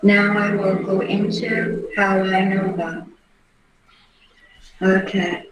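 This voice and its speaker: Slow, earnest middle-aged woman, roomy sound. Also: mid-range voice, level tone, heavy background noise. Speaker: livestream host. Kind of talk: live case commentary. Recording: roomy echo.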